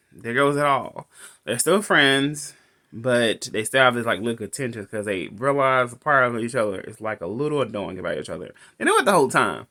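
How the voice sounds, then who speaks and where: A man's voice: medium pitch, bright, forceful tone. A man casually recapping a film as a reviewer, rambling and restarting his sentences. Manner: rambling, restarts often, laughs between lines. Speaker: movie reviewer.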